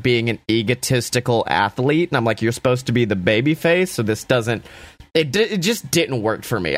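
A man recapping a wrestling show in a casual, enthusiastic way, swearing freely and throwing in quick asides. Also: medium pitch, fairly bright tone, no room sound.

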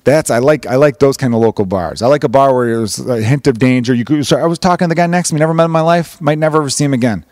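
Man, podcast host, casual profane rambling, fast delivery, dry close sound. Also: mid-range voice, a little mellow, dry recording. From Chicago. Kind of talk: casual comedic monologue.

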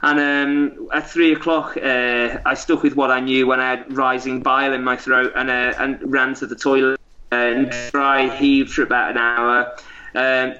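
A man's voice: mid-range voice, flat delivery, unhurried, sharp tone. A man, a guest, telling a story in a casual, rambling way with lots of fillers and restarts. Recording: dull lo-fi audio.

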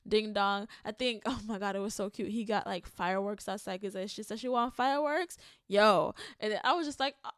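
A woman's voice: mid-range voice, moderate pace, fairly bright tone, clean tone, no room sound, clean studio sound. A young Jamaican woman hosting a podcast alone, talking in a rambling, candid way with lots of swearing and laughs. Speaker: podcast host. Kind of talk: casual solo podcast monologue.

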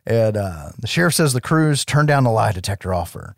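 A man's voice: fairly low pitch, big pitch swings, fairly quick, creaky, no echo, clean studio sound. A man hosting a casual chat, recapping a movie in a loose, profane way. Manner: loose, profane, laughs often.

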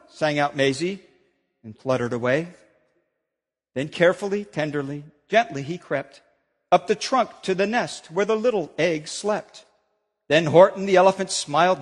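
A pastor reading a children's rhyming book aloud during a sermon, with playful, expressive storytelling. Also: male voice, fairly high pitch, moderate pace. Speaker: senior pastor. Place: church. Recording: long church reverb.

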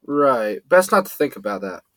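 A man's voice: mid-range voice, very animated, normal speed, fairly bright tone, no room sound. A man doing Max, a cool, clipped young hacker woman. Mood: matter-of-fact.

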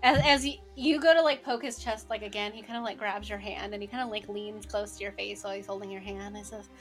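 A woman's voice: medium pitch, fairly even intonation, fast, hardly any pauses, over music. A woman narrating as game master of a tabletop game, rambling with many fillers.

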